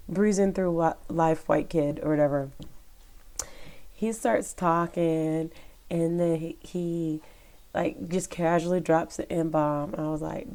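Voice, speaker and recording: A woman with a somewhat low voice talks straight to her viewers and tells a story from her own life. She rambles, circles back and fills the gaps with "like" and "um". The delivery is loose and conversational. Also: vocal fry, dark tone. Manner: rambling, chatty, lots of fillers. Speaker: vlogger, former rideshare driver. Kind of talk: casual storytelling to camera.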